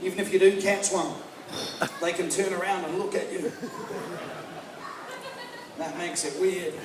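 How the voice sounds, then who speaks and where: At a live comedy venue, a man from North America performs brash stand-up laced with swearing and mocking impressions, speaking unhurriedly in a high voice with fairly even intonation. A distant mic picks up an echoey room and a laughing crowd.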